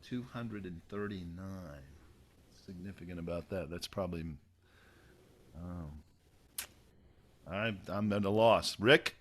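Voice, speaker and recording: A man's voice: low voice, takes it slowly, pauses often. A man hosting a casual podcast, jokey and chatty. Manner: jokey, animated. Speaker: podcast host.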